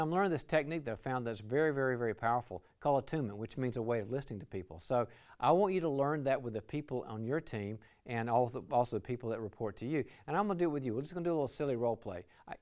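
A man's voice: mid-range voice, a little mellow. A man giving a lecture on team relationships, enthusiastic, acting out short dialogues as examples. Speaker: leadership speaker. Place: lecture venue.

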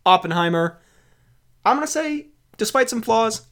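Brief: young Danish man, fairly high voice, Danish accent, loose laid-back podcast film chat. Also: moderate pace. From Denmark. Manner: relaxed, frequent laughs and swearing. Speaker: podcast co-host. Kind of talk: casual film review chat.

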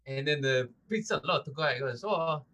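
Man, bright tense voice, lively storyteller, casual podcast chat, laughs a lot. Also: fairly high pitch, normal speed, dull audio. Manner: animated storyteller, swears, laughs often. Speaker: podcast co-host.

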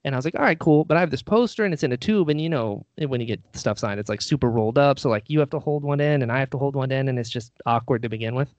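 A man's voice: mid-range voice, rapid-fire, few pauses, darkish tone, no echo. A man telling a story in casual chat, animatedly acting out what people said.

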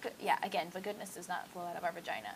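A woman's voice: fairly low pitch, lively intonation, racing, creaky, a little hiss or hum, poor audio. A young woman co-hosting a casual podcast, rambling loosely with plenty of fillers, restarts and swearing. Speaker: podcast co-host. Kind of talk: casual chat.

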